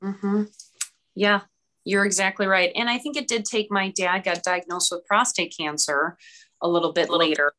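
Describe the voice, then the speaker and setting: A woman's voice: medium pitch, fairly even intonation, normal speed, pushed and bright. A woman taking part in a support group discussion over a video call, reflective and affirming of others. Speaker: group participant.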